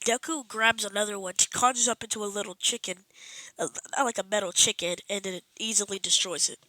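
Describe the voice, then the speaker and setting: A woman's voice: mid-range voice, steady tone, a little fast, sharp tone, no room sound, poor audio. A woman casually improvising a fan story, rambling with many restarts and self-corrections.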